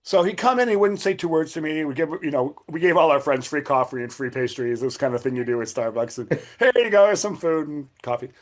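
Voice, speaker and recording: A middle-aged man casually telling a long story as a podcast guest, acting out the people he quotes with big jumps in pitch. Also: fast talker, hardly any pauses.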